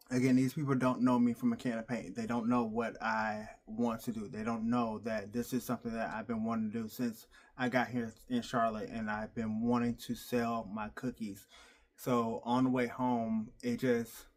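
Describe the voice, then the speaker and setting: A man telling a heartfelt story in a casual personal vlog, halting often with fillers and restarts. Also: lowish voice, flat delivery. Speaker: vlogger.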